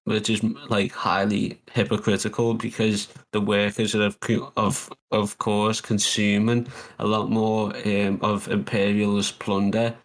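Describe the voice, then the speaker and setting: A man hosts a loose podcast conversation in a low voice that stays almost completely level. He hesitates often, filling gaps with ums and restarting his phrases. The delivery is measured rather than lively. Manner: hesitant, with filler words and restarts. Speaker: podcast host. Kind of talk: unscripted podcast discussion.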